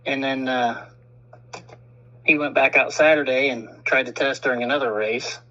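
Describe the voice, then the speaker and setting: A man's voice: medium pitch, fairly even intonation, normal speed, sharp tone, dull audio. A man co-hosting a casual talk show, chiming in with short reactions and frequent laughs. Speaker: co-host. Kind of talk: casual chat.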